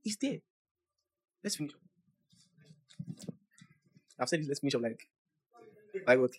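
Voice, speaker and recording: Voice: mid-range voice, expressive, a little slow, slightly rough. Preacher teaching and praying in tongues. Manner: conversational, asks the listeners questions, laughs often; prays aloud in tongues, rising in loudness. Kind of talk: sermon and prayer.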